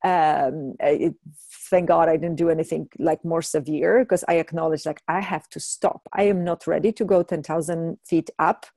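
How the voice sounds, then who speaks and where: A woman's voice: sits low, fairly even intonation, moderate pace, warm tone, dry recording. A woman co-hosting a casual chat, telling stories animatedly, acting out quotes and laughing often. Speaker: co-host.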